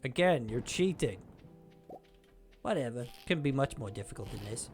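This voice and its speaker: A man's voice: normal speed, long pauses, faint music behind. A man streaming a farming game, chatting casually and playfully taunting enemies. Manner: playful taunting, lively pitch swings.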